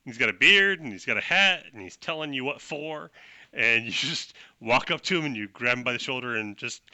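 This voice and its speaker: A man narrating as game master, playful and quick to laugh. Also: medium pitch, expressive, sharp tone, no room sound.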